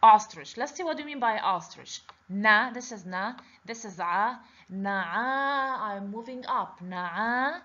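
Speaking a little slowly and barely pausing, this woman has a slightly high, animated voice with a pushed brightness. She patiently repeats each word of a children's letters lesson and quizzes the class, captured on a dull lo-fi recording.

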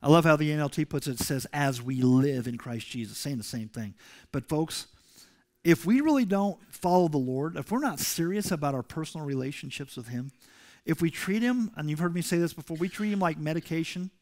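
A man's voice: fairly high pitch, animated, fairly quick. Emphatic man preaching a sermon. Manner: emphatic preaching, rising loud on scripture. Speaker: pastor. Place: church sanctuary.

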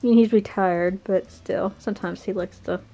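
A woman's voice: mid-range voice, fairly even intonation, moderate pace, mellow. A woman vlogging casually about her cat, playful and teasing, with giggles. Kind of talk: casual chat. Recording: music playing behind.

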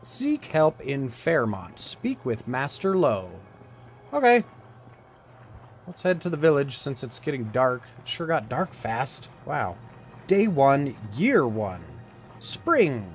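A man's voice: mid-range voice, very animated, slow pace, slight background noise. Playful man narrating a game. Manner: chatty, reads game text aloud, playful. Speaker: gaming video host. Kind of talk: let's play commentary.

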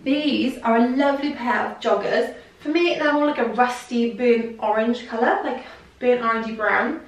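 A woman's voice: on the high side, moderate pace, far from the mic. A young woman chatting casually through a clothing haul, gushing and full of "like", a little out of breath. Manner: gushing, chatty, lots of "like" and "I love". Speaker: fashion vlogger. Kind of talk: casual try-on haul chat. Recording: echoey room, voice from off-mic.

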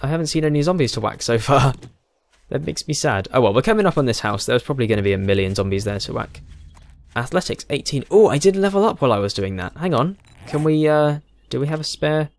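A fast-talking young British man with a mid-range voice and big pitch swings provides game commentary for his YouTube channel. Speaking with a British accent, he's casual, chatty and self-deprecating.

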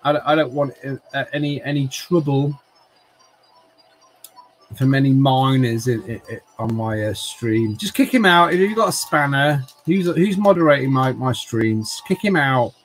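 A middle-aged man with a medium-pitched voice chats unhurriedly during a retro-game livestream, recorded roughly with a little hiss or hum. He rambles, jokes, and stumbles into restarts.

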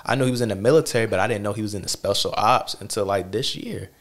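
Low-voiced laid-back man, reflective. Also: fast, a bit bright. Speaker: podcast host. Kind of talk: casual chat.

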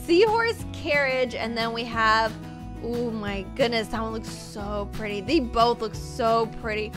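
A woman's voice: a little high, unhurried. A young woman hosting a casual gaming video, gushing and chatty, peppering her talk with "like". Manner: bubbly, gushing, says "like" often. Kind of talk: casual gameplay commentary. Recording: music playing behind voice.

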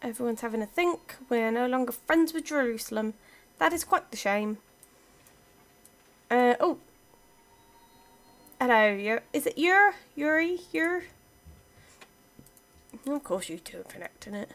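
A woman's voice: fairly high pitch, lively intonation, a little slow, long pauses, fairly bright tone. Chatty woman narrating her game. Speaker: let's play gamer. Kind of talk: casual gameplay commentary.

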